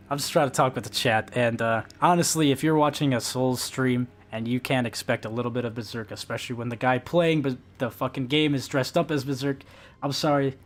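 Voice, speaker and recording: A man with a medium-pitched voice live-streams a game, chatting casually with viewers in an animated, profane rant.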